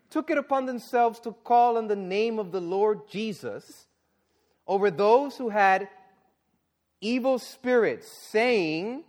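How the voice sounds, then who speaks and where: A man preaching a sermon and reading scripture, exclaiming and questioning the congregation, then dropping to a low, earnest tone for serious points. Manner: animated, exclaiming and asking the audience questions.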